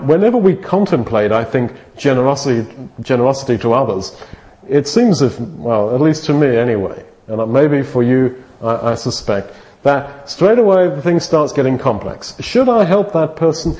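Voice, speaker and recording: A man's voice: medium pitch, expressive, moderate pace, dark tone. A man preaching a sermon, earnest and thinking aloud, often restarting his phrases.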